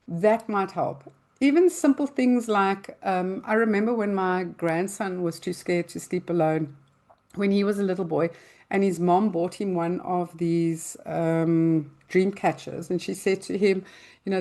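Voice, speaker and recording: An older woman hosting a parenting advice show and answering listener questions, calmly explaining with everyday examples in loose, conversational speech. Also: mid-range voice, moderate pace. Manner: loosely spoken, with restarts and fillers.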